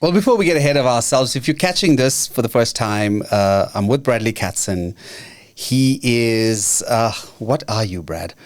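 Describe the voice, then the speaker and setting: A man's voice: mid-range voice, lively intonation, normal speed. A man from South Africa hosting a podcast interview in a casual, upbeat way, laughing often. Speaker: podcast host.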